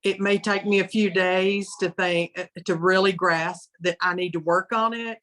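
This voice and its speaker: A woman's voice: mid-range voice, steady tone, normal speed, a bit bright. A woman on a team call, answering a question in a thoughtful, slightly hesitant way. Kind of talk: casual reply on a group call.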